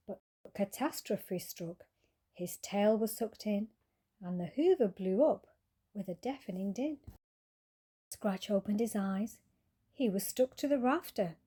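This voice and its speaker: A woman reads a rhyming children's bedtime story aloud, keeping a gentle, rhythmic lilt. Her voice is soft and mellow, at an ordinary pitch.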